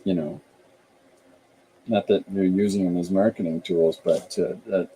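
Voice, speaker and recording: Deep-voiced middle-aged man chatting. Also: big pitch swings, measured pace, gravelly, mellow, slight background noise, rough recording. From Canada. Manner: rambling, thinking aloud with frequent restarts. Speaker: podcast host and author. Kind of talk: casual podcast chat.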